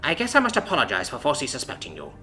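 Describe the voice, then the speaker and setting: Man doing a silky dragon ruler woman, menacing, bright tone, very lively pitch. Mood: cool menace. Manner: measured, silky and threatening. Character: imperious female dragon ruler, cool and menacing. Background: faint background music.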